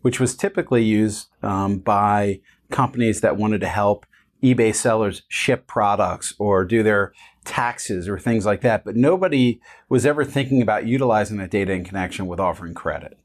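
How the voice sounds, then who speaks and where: A man in his forties, a founder talking as an interview guest, relaxed and earnest with many fillers. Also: fairly low pitch, normal speed. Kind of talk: casual interview conversation.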